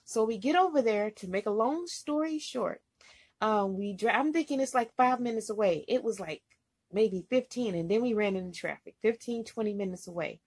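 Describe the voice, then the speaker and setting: Husky woman telling a trucking story. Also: fairly high pitch, expressive, moderate pace, a little mellow. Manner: rambling, emotional retelling full of "you know". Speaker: truck driver vlogger. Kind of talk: casual storytelling vlog.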